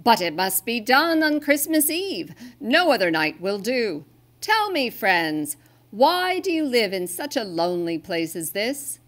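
A woman voicing Santa, a jolly, grateful old man in a storybook, speaking heartily and exclaiming warmly. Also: fairly high pitch, sing-song, a little slow, pitched above the performer's own voice. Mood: explaining.

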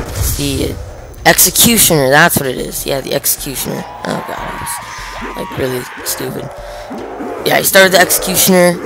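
A man's voice: a little high, vocal fry, noisy background. A young man hosting a gaming channel, talking through a gameplay clip in a rambling, hesitant way with lots of fillers. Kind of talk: casual gameplay commentary.

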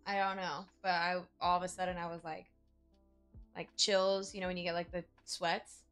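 A woman's voice: lowish voice, little pitch movement, normal speed, a bit bright, clear, resonant tone, faint music behind. A woman streamer chatting casually and joking with friends while she plays a game from her home setup. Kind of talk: casual livestream chat while gaming.

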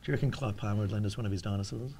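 A man's voice: on the low side, racing, warm tone, slight background noise. A male comedian guest in a TV studio, telling wry anecdotes in casual chat. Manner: wry storyteller, mimics people in anecdotes.

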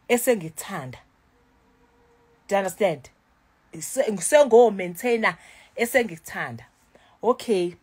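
A South African woman in her thirties venting in a casual vlog, animated and switching between languages mid-sentence. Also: on the low side, breathy edge. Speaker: YouTuber.

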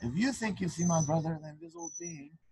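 A man's voice: high-pitched, sing-song, fast, creaky, noisy background, heavily acted. A man voicing the firm sister of an invisible being in a read-aloud story, asking pointed questions. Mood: probing. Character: stern sister of the invisible being, a young woman.

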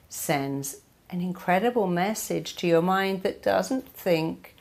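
A woman therapist speaks in a fairly low register, giving a motivational talk. She is emphatic and drives her points home with repeated lists. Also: slow, gravelly, darkish tone.

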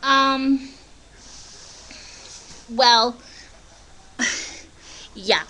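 A young woman from Australia rambles through a casual webcam vlog in a put-on American accent. Her voice is fairly high and bright, and she talks slowly, with giggles. It's recorded on a built-in webcam mic in her living room. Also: poor audio.

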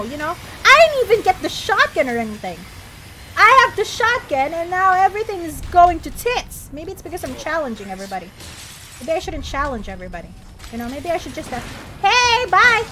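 A woman's voice: very high voice, noisy background. A woman streaming a horror game, chatting casually, panicky and jokey, bursting into shrieks and laughter. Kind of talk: casual gameplay commentary.

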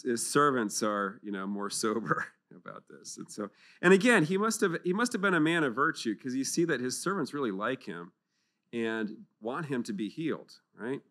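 A man speaks to a retreat audience about scripture, bright and forceful in tone and sitting a little above the usual male pitch. He keeps it animated and funny, slipping into playful voices for the figures he describes. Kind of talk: lively retreat talk on scripture. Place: conference hall.

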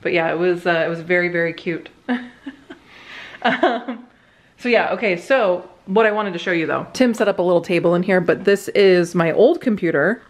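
A woman in casual chat as a vlogger, giggly and animated as she tells stories. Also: on the low side, normal speed.

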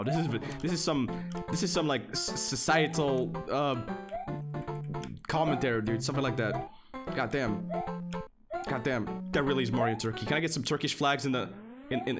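A young man streaming flash games live, excitable and repetitive, swearing often and jumping between flat mutters and sudden high outbursts. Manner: excitable, repetitive, swears, lively swings in pitch. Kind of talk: live game stream commentary.

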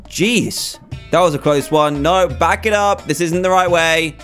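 Excitable young man narrating a game. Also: on the high side, a little slow, faint music behind. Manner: animated, gasping, exclamatory. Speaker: gaming youtuber. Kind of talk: excitable gameplay commentary.

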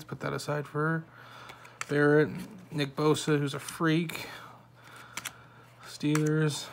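A man hosting a home card-opening video, reading off player names one by one with quick offhand remarks in a soft-spoken way. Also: medium pitch, creaky, a little hiss or hum. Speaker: card-opening channel host. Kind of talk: casual card-opening commentary.

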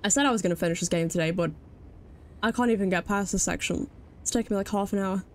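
A woman's voice: mid-range voice, quick pace, slight background noise. Jumpy British woman streaming a game. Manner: jumpy, swears freely, talks to chat while playing. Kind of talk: live gameplay commentary.

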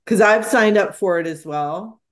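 A woman's voice: medium pitch, measured pace. A woman, a board trustee, speaking briefly and in a friendly, practical way at a public board meeting.

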